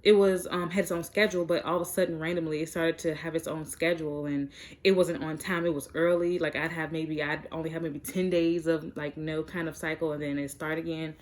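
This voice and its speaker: A young woman vlogger with a deep, fairly flat, brisk voice chats frankly to the camera. She's casual and direct with her viewers, dropping plenty of fillers.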